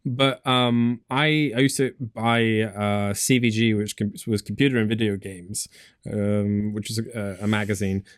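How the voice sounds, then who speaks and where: A man's voice: fairly low pitch, fairly even intonation, measured pace, clean tone, no echo. Rambling English man, dry close sound. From England. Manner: rambling, lots of "like" and restarts. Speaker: podcast host. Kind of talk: casual chat.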